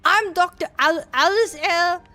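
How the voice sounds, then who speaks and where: Woman doing an old Scottish doctor, stuttering, charming, high, bright. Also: full character voice. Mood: courteous. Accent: attempted Scottish. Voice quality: stuttering, halting speech.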